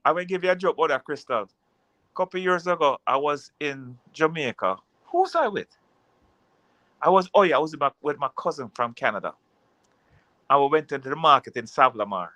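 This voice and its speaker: A man's voice: a little high, lively intonation, fairly quick, sharp tone, no room sound. A man in a casual chat, telling jokey stories in patois-laced speech.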